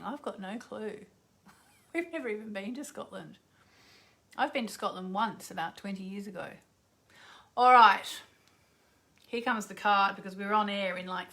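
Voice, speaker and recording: A woman's voice: mid-range voice, normal speed, gravelly, bright, forceful tone. A middle-aged woman, an astrologer and radio host, chatting casually with viewers on a livestream and greeting them by name.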